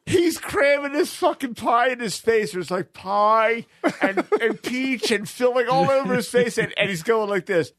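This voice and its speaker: Animated man telling a story. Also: very high-pitched, measured pace, no room sound, clean studio sound. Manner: animated storyteller, acts out voices, laughs a lot. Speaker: podcast co-host. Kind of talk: casual storytelling among friends.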